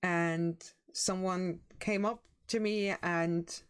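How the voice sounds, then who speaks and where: German woman streaming, talks slow and easy, laughs a lot, chatty, reads chat out loud. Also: lowish voice, fairly even intonation, clean tone. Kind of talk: casual chat with live viewers.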